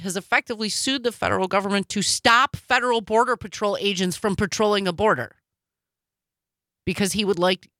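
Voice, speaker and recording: A woman hosting a political commentary show, animated and cutting in her remarks. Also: mid-range voice, dry recording, studio quality. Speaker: host.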